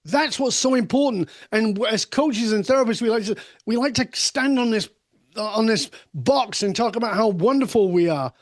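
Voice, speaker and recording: An older man, a leadership mentor, telling candid personal stories emphatically in conversation, sometimes swearing and dropping low and soft. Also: expressive, moderate pace, no echo, clean studio sound.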